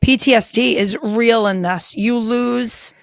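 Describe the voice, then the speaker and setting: Woman podcast host, empathetic and conversational, gravelly fry, dry sound. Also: a little high, fairly even intonation, slow, no room sound. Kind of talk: casual interview chat.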